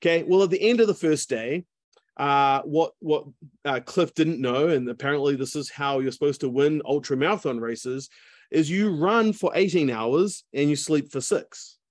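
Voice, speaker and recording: A chatty man spinning a yarn over a video call, peppering his talk with asides. His voice sits a little high, and the sound is close and dry with no room behind it. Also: moderate pace, a little mellow, no room sound. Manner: chatty, lots of fillers and asides. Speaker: speaker. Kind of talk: casual storytelling talk.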